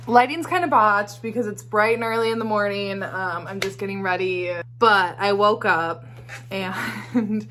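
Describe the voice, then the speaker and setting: A woman's voice: medium pitch, fairly bright tone, a little hiss or hum. A young woman chatting casually in a reading vlog, emotional and rambling, swearing and laughing between thoughts. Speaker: book vlogger.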